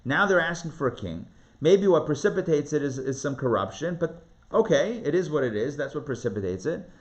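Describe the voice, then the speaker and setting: A man teaching a live Torah class, reading scripture aloud and acting out the voices in an animated, conversational way. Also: a little high. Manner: animated, dramatizes the text with rising voice and quick asides. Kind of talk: lively live online Torah lesson.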